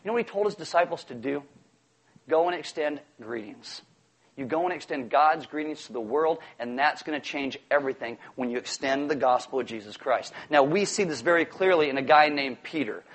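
Animated high-voiced male pastor. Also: a little fast. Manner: animated, jokey, acts out voices. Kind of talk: sermon.

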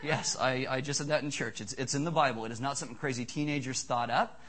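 A middle-aged man pastor preaching a sermon in an animated, joking, emphatic way. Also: medium pitch, fast talker.

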